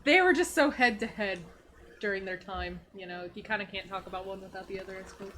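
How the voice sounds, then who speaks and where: Bright, teasing woman. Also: medium pitch, quick pace, slight background noise. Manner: playful, teasing banter. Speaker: co-host guest. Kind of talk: casual livestream chat.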